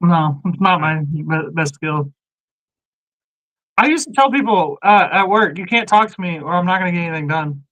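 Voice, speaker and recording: A man's voice: high voice, animated, normal speed, a bit bright, low-quality recording. A man on a podcast tossing in short wisecracks during casual chat.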